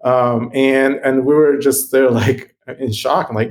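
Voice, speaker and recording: A man being interviewed as a guest, telling a personal story in an earnest, halting way with frequent ums and restarts. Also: mid-range voice, fairly even intonation, a little mellow. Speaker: guest, computational biologist.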